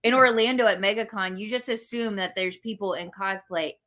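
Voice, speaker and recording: A woman's voice: mid-range voice, a little fast, a bit bright. Supportive woman host chatting. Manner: supportive, laughs along, short reactions. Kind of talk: casual chat.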